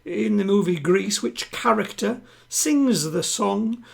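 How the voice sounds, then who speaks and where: A man hosting a live-streamed home quiz, chatting with players and reading each question twice, slowly. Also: high-pitched, creaky. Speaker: quiz host. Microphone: home streaming setup.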